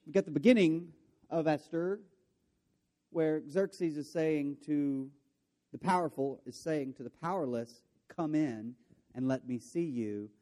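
A man's voice: on the high side, unhurried, dark tone. A man preaching a sermon, retelling a story with playful voices for the characters and jokey asides. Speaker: pastor.

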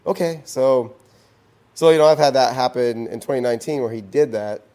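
A man's voice: mid-range voice, normal speed, mellow. A man, a podcast guest, tells a long story casually, full of restarts and "you know"s.

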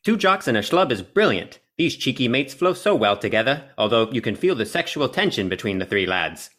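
A man's voice: medium pitch, sing-song, a little fast, a bit bright. A man putting on a cheeky British lad. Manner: clumsy put-on British accent. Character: cheeky British male podcast reviewer. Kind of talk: reading a review aloud in a put-on voice.

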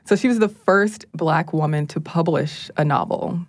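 Calm low-voiced woman telling a history. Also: normal speed, no echo. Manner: calm, even delivery. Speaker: guest presenter. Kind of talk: casual podcast storytelling. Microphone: studio mic.

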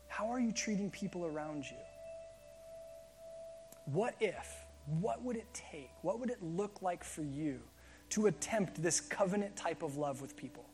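A man preaching a sermon as pastor, telling a story in a relaxed, conversational way with frequent fillers and restarts. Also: a little high, moderate pace.

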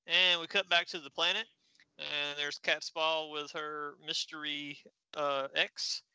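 A man co-hosting a podcast, recapping a comic with lively storytelling. His voice is very bright and sits a little high. The sound is close and dry. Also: slow, smooth, dry recording, dull audio. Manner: animated retelling. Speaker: podcast co-host.

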